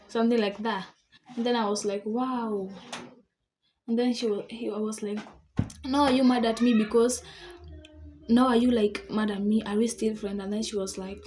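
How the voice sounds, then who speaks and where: A woman's voice: on the high side, noisy background. A young girl telling a storytime vlog, retelling an argument indignantly, full of "I was like". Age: child. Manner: chatty, indignant retelling with many "I was like" quotes. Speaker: vlogger.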